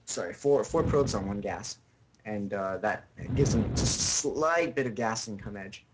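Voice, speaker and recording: A man's voice: fairly low pitch, a little slow. A young man co-casting a game match, rambling and restarting his sentences. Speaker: esports co-caster. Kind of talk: casual game commentary. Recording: noisy stream audio with clicks.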